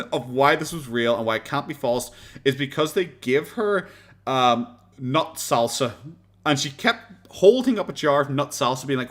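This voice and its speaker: An Irish man chatting casually as a streamer reacting to videos, rambling, swearing and laughing often. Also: on the high side. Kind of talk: casual chat.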